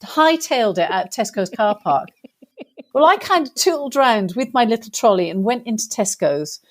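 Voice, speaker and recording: A woman with a British accent, a guest in an interview, telling a funny story in a lively way and acting out the voices of the people in it. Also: fairly high pitch, normal speed. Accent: British English. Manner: lively animated storyteller, acts out quotes.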